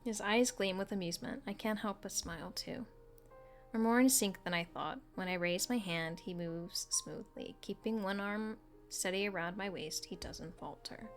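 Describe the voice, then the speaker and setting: A woman streaming a video game, reading its story text aloud in a soft, level voice. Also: medium pitch, moderate pace, faint music behind. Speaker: gaming streamer.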